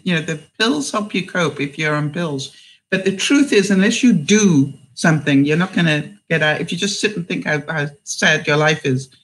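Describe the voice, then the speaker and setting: A woman's voice: deep voice, rough recording. A woman hosting a casual livestream, chatting in a rambling way, laughing often and reading out viewer comments.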